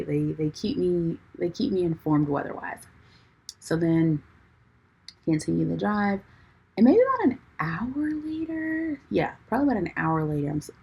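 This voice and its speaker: A woman's voice: sits low, vocal fry, darkish tone, husky, rough recording. A young adult woman hosting a podcast, telling a story in a chatty way, full of "like" and calling listeners "y'all", laughing as she goes. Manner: laughs through her own story. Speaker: podcast host. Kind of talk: casual storytelling chat.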